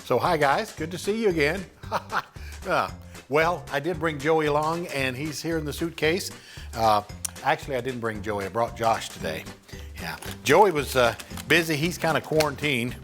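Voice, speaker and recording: Chatty man with a lively voice. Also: on the high side, moderate pace, faint music behind. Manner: chatty, patient, laughing often. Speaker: ventriloquist guest. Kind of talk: comic children's Bible lesson.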